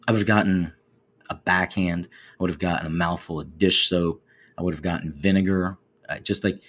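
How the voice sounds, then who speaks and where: An American man in his forties hosting a talk show, musing in a relaxed, conversational way and often repeating words. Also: low-pitched, husky. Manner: conversational, repeats words, acts out quoted voices. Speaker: radio show host. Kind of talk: reflective monologue.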